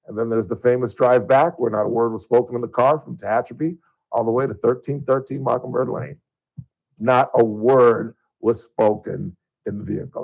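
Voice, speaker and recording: A middle-aged man from Southern California hosting a radio show, telling stories in a casual on-air chat and getting loud and high when worked up. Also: rough recording.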